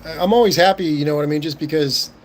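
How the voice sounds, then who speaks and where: A young man with a relaxed Southern Californian accent chats casually on a livestream. He answers his viewers in a laid-back way, stumbling over his words and chuckling often. His voice sits a touch high for a man, with a faint hiss of noise behind it. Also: fast. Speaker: livestream host.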